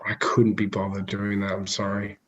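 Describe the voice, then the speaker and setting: A man co-hosting a live stream, chiming in with teasing, deadpan quips. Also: on the low side, normal speed, muffled recording. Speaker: co-host. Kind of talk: casual live-stream chat.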